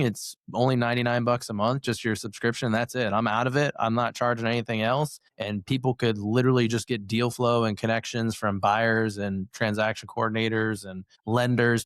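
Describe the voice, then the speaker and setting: A man guest on a podcast, chatting casually and rambling a bit as he explains his software. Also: on the low side, no echo, clean studio sound. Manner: relaxed, rambling, self-correcting. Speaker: podcast guest, real estate investor. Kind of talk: casual interview chat.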